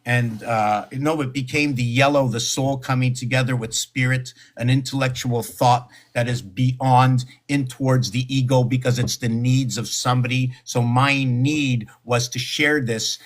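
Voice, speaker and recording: A man giving a rambling solo monologue to camera, wandering between thoughts with restarts and asides, and at times coaxing his cat. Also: mid-range voice. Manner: wandering, stream-of-consciousness, frequent restarts and asides. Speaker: video creator.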